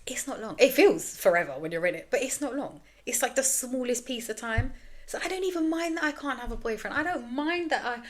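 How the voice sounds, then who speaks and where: A woman's voice: high-pitched, lively intonation, a little fast. A woman in her thirties hosting a candid solo podcast, rambling frankly and self-deprecatingly, swearing freely. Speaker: podcast host.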